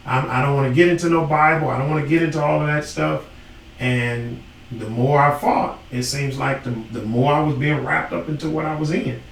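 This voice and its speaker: A man's voice: fairly high pitch, fairly even intonation, brisk, vocal fry, recorded from a distance. A man co-hosting a ministry talk, reflective and confessional as he shares his testimony. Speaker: ministry co-host. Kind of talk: testimony-style faith talk. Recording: echoey room, away from the mic, faint hum.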